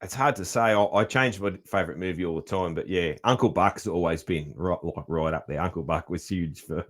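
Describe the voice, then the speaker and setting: Casual and easygoing, this middle-aged Australian man hosts a podcast where he curses often and keeps dropping "man" into his talk. He speaks with a low-pitched voice at a slightly quick pace.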